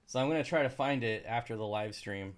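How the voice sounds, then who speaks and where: A man's voice: medium pitch, brisk. Casual male streamer, rambling chat, dry sarcasm, frustrated asides. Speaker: aquarium channel live streamer. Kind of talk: casual live stream chat reading comments.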